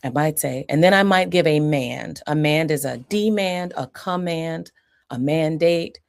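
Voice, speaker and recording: A woman psychiatrist giving a live-streamed teaching talk, calm and deliberate, modeling soothing phrases as she coaches. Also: low-pitched, gravelly.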